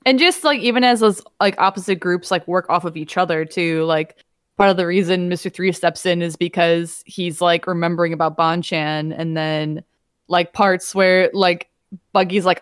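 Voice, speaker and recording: A woman co-hosting a podcast in casual chat, talking in a relaxed, chatty way. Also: on the low side, moderate pace, smooth, no room sound, clean studio sound. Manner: relaxed, chatty, lots of fillers. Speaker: podcast co-host.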